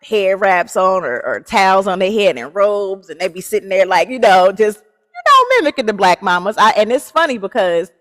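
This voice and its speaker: A woman's voice: medium pitch, big pitch swings, moderate pace, a bit bright, faint music behind. Chatty woman in her forties, echoey. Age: 40s. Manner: chatty, laughs often, talks straight to viewers. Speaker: live show host. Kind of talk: casual livestream chat.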